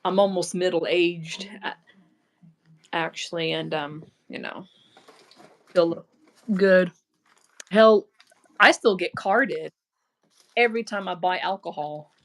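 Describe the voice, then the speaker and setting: A woman in her thirties chatting casually, unhurried and trailing off mid-thought. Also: lowish voice. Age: 30s. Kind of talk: casual chat.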